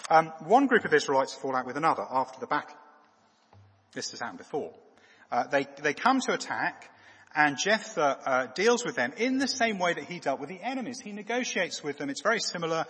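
Husky preacher man in a reverberant church. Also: fairly high pitch, sing-song, fairly bright tone. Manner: halting, with frequent fillers and restarts. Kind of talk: sermon.

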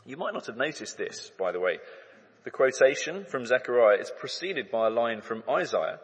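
A man in his thirties preaching a sermon, conversational and animated, acting out crowd shouts as he tells stories. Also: mid-range voice, moderate pace, slightly rough. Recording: long hall reverb.

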